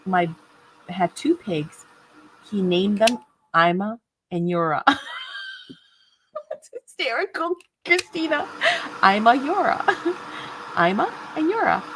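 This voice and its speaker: A woman at a middle pitch hosts a relaxed craft livestream. She chats freely, laughs often and greets her viewers by name as they join. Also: slow pace, long pauses, background noise. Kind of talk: casual livestream chat.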